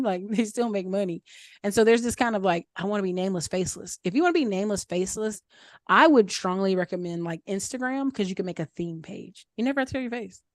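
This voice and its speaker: A woman's voice: medium pitch, no room sound. A woman answering questions in a casual group coaching session, chatty and full of fillers, repeating her points for emphasis. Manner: upbeat advice-giving, repeats points for emphasis. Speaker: mastermind group speaker. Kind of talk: casual Q&A coaching on an online call.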